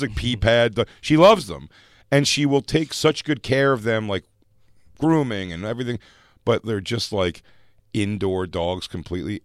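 A man co-hosting a casual podcast chat, an animated storyteller who laughs often. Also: deep voice, dry recording, clean studio sound.

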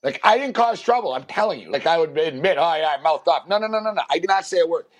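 A man tells a long story on a sports talk show, his voice sitting a touch high for a man. He wanders and restarts, piling on fillers as he goes. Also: fast. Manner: rambling, filler-heavy, animated impressions in quotes. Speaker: radio show host. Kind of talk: casual storytelling chat.

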